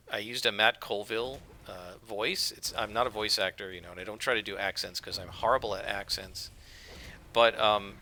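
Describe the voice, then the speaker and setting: Chatty man with a bright, forceful voice. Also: lowish voice. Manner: rambling, conversational, with frequent fillers. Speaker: let's play gamer. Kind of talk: casual game commentary.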